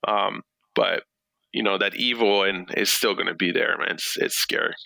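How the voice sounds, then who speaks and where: Gravelly, bright-voiced man telling a story. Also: deep voice, normal speed, no echo, low-quality recording. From France. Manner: animated, retells dialogue with many fillers. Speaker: guest. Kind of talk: storytelling interview talk.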